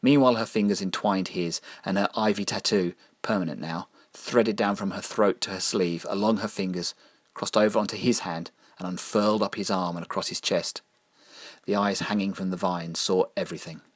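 This is a man reading a dark horror story, his low-pitched delivery measured and somber as he slows down on key phrases. No room sound comes through.

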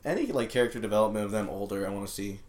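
A man's voice: on the low side, lively intonation, very fast. A man chatting on a podcast, joking and sarcastic. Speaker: podcast co-host. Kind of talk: casual chat.

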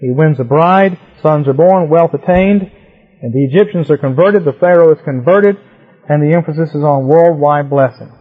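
A man preaches, teaching through the scriptures in an emphatic, rhythmic way and repeating words to drive his points home. His voice sits a little high and sounds husky. The recording is muffled and lo-fi. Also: moderate pace.

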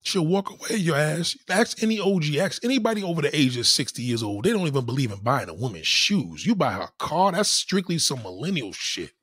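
Male, husky and animated, blunt profane ranter, dry close sound. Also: fairly high pitch, brisk, hardly any pauses, dry recording. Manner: acts out quoted people in varied voices. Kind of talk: casual opinion rant.

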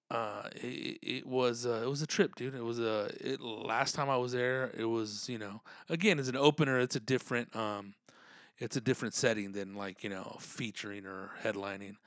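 A man's voice: fairly low pitch, steady tone, normal speed, a bit bright, no room sound, clean studio sound. A stand-up comedian hosting his podcast, a man chatting casually in laid-back slang with many filler words. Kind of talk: casual chat.

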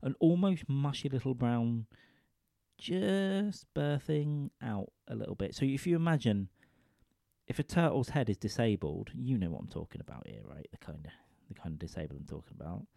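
A man's voice: mid-range voice, animated, moderate pace, creaky, dark tone, no echo, studio quality. A man telling a crude, rambling comic story into a microphone, often checking in with his listeners. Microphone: studio microphone.

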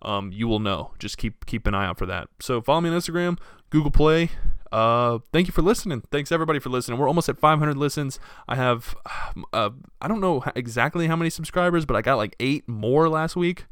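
Young guy hosting his own podcast, smooth clear voice, dry close sound, loose profane storytelling. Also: mid-range voice, fairly quick, few pauses, dry recording. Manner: casual, profane, storytelling with animated quoted voices. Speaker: podcast host. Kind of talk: solo podcast rant.

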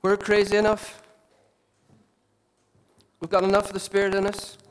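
A man, a lead pastor preaching a sermon with impassioned, repetitive emphasis and quieter asides. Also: sits high, completely flat delivery, moderate pace, clear, resonant tone. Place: church hall.

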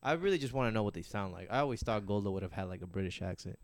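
A man's voice: lowish voice, lively intonation, racing, no room sound. A man co-hosting a casual podcast who chats in a laid-back way and jokes around. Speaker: podcast co-host. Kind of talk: casual chat.

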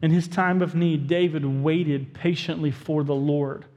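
A man's voice: fairly high pitch, steady tone, a little slow, a little mellow, highs cut off. A young adult man preaching a sermon as a pastor, telling a story in a conversational way and voicing his own thoughts aloud. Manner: storytelling, conversational, talks to himself in quotes. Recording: long hall reverb.

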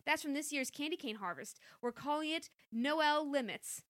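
A woman's voice: sits high, lively intonation, moderate pace, fairly bright tone, dry recording, studio quality, pitched above the performer's own voice. A woman voicing a cheerful, fussing middle-aged mother with a breezy, doting manner. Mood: proud.

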